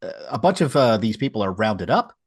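Husky, dry-sounding sarcastic podcast co-host man. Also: fairly low pitch, very animated, brisk, no room sound. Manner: wry, sarcastic, recaps plot. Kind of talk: casual comic book discussion.

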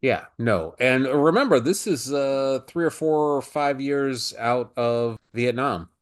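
A man's voice: medium pitch, slow pace. A man co-hosting a casual comic book podcast, making playful, ironic asides. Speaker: podcast co-host.

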